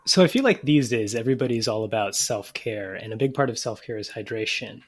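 Comedian guy guesting on a podcast, bit raspy, dead serious about silly ideas. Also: lowish voice, fairly quick. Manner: mock-earnest, dry comic suggestions. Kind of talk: casual comedy podcast chat.

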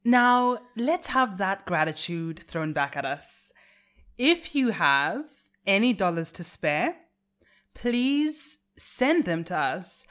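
A woman's voice: medium pitch, big pitch swings, slow, fairly bright tone. A young woman hosting a casual podcast, talking in a dry, matter-of-fact and teasing way. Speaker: podcast host.

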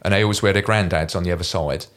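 A middle-aged man, a former Royal Marine guest telling an animated war anecdote in a casual interview. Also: deep voice, very fast. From Kent, England. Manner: animated anecdote teller, mimics voices in quoted lines.

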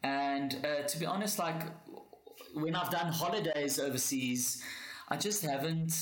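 A South African man, a comedian guest, telling stories in a rambling, animated way during a casual podcast chat. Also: a little high, unhurried, echoey room, rough recording. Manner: rambling, animated storytelling with swearing.

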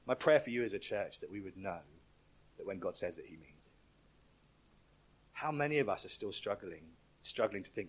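A man's voice: lowish voice, lively intonation, moderate pace, long pauses, breathy edge. A man preaching a sermon in a conversational, storytelling way.

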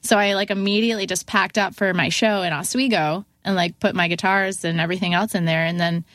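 A slightly fast, lowish female voice belongs to a young musician guesting on a podcast, telling a casual story. She animatedly acts out quotes in a raised voice and uses "like" constantly; the sound is clean studio quality with no echo.

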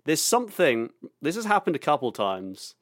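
A man's voice: fairly high pitch, huge pitch swings, normal speed, no echo, clean studio sound. A man in his twenties, a podcast co-host, telling stories in a rambling, laughing, sweary and self-mocking way. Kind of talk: casual chat, storytelling.

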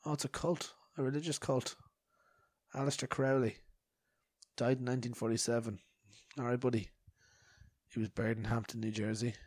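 A man's voice: medium pitch, steady tone, moderate pace, pauses often, a little mellow, dry recording, studio quality. A man hosting a podcast, rambling and swearing with mock outrage and a bad cough. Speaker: podcast host. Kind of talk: rambling solo podcast chat.

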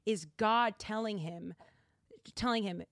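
A woman's voice: mid-range voice, takes it slowly, no room sound, clean studio sound. A young woman hosting a podcast, chatty and giggly, filling her talk with "like". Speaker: podcast host. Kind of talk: casual chat.

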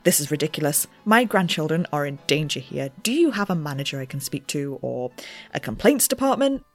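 An indignant grandmother, as voiced by a woman presses a customer service line for a manager. Her voice sits low and heavy with exasperation. She is demanding and will not let the matter drop. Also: big pitch swings, fairly quick, soft background music, heavily acted. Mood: exasperated.

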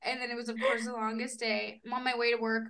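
A young woman co-hosting a loose, casual podcast. Her voice sits a little high, and she tells her stories in an animated way. She swears freely and laughs often. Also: fast. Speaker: podcast co-host. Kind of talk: casual chat.

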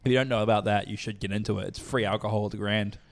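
A young Australian man casually telling a profane, animated story as a podcast co-host, acting out the voices of the people in it. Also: lowish voice, rapid-fire.

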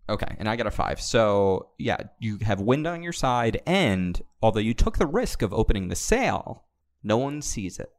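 Gravelly young man running a tabletop game. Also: on the low side, sing-song, moderate pace. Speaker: game master.

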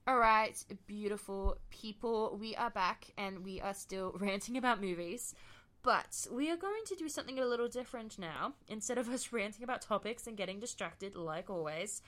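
A woman's voice: medium pitch, moderate pace, a bit bright. A woman hosting a podcast from bed at home, chatting casually with lots of giggling, swearing and playful teasing. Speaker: podcast host. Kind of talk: casual chat quiz.

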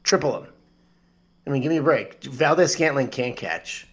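A man co-hosting a casual sports podcast, ranting excitably and swearing freely. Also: mid-range voice, moderate pace. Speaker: podcast co-host.

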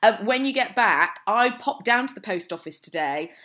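A woman's voice: mid-range voice, normal speed. A woman co-hosting a podcast, chatting casually and telling a story with lots of laughter. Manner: giggly, storytelling, animated. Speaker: podcast co-host. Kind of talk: casual chat.

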